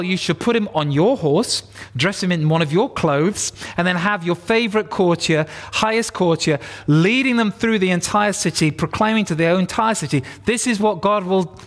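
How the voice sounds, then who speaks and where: A man delivers a sermon, retelling a Bible story in an animated way. He acts out the characters' lines as he goes, and his voice sits slightly higher than most men's. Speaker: preacher.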